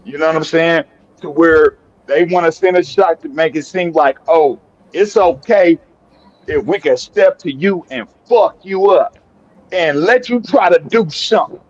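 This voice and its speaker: A man's voice: a little high, measured pace, highs cut off. A heated man arguing on an online panel, swearing hard and stammering over repeated words. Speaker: panel guest. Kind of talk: heated live panel debate. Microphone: online call audio.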